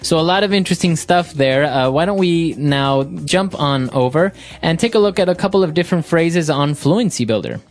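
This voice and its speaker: A man's voice: fairly high pitch, expressive, normal speed, few pauses, faint music behind. A man co-hosting an English lesson podcast, asking questions and summing up each point. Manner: asks questions and sums up points. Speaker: podcast co-host.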